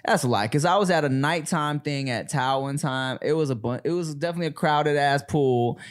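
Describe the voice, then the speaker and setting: A man's voice: a little high, a little fast. Laid-back man hosting a casual podcast. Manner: laid-back, swears casually, says "you know what I'm saying". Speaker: podcast host. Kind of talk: casual chat.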